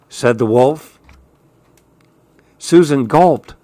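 A man hosting a story program, reading children's stories aloud in a gentle, even way. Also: mid-range voice, slow pace, pauses often, no echo.

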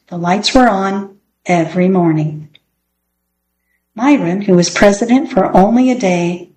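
A woman reading a children's chapter book aloud in a gentle, clear storybook manner. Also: medium pitch, poor audio. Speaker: narrator.

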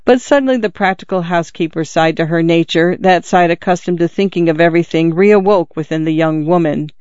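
Man, high voice, smooth, audiobook narration, dry dull recording. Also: fairly quick, darkish tone, no room sound. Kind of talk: scripted narration.

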